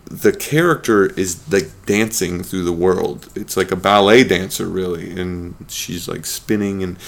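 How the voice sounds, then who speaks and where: A man's voice: deep voice, measured pace, creaky. A man co-hosting a casual gaming podcast, loose and profane, prone to playful rants. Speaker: podcast co-host.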